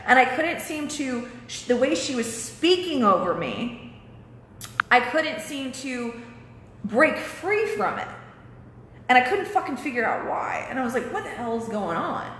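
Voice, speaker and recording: A woman's voice: high-pitched, big pitch swings, measured pace, fairly bright tone, echoey room, long reverb tail, slight background noise. A young woman vlogging a candid personal story, swearing often and losing her train of thought now and then.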